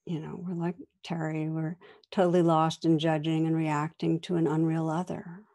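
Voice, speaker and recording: A woman meditation teacher with a low-pitched voice and flat delivery gives a dharma talk built around a story. She keeps it gentle and measured, sometimes softening to a whisper.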